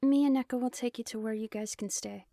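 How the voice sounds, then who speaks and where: A woman putting on a bright, teasing young woman leader. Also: a little fast, creaky, no room sound, studio quality. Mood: lively, commanding. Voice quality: higher, bright put-on voice.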